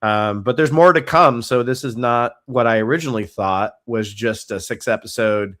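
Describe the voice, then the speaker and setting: A man co-hosting a casual show recap, relaxed and chatty, swearing now and then. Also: mid-range voice, normal speed, dry recording, studio quality. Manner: laid-back, swears, laughs often. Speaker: podcast co-host. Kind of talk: casual chat.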